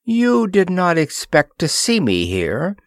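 A stern older queen, proud and fatalistic, whose speech is harsh and solemn, as a man reads her out in a storybook. Her lines ride lively rises and falls. The sound is dry and close. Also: mid-range voice, unhurried, dry recording. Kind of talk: audiobook character voice.

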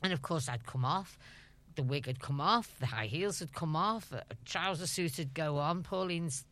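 A middle-aged woman with a Liverpool accent, a lively storyteller who laughs often as a guest in a radio interview. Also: sits low, moderate pace. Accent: Liverpool (Scouse). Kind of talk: chatty anecdotal radio interview.

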